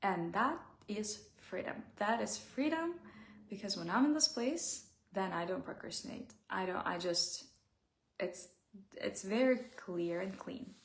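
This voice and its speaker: A woman speaks in a reflective, heartfelt way, often pausing as she searches for the right words. Her mid-range voice carries a gravelly fry. The room around her adds a noticeable echo. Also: medium pitch, lively intonation. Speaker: self-help speaker. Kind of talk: reflective personal talk.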